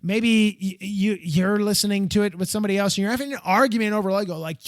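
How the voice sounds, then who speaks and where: An American man hosting a solo podcast, talking in a rambling, heartfelt way and jumping up in pitch when he gets excited. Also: quick pace, no room sound, clean studio sound. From United States. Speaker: podcast host.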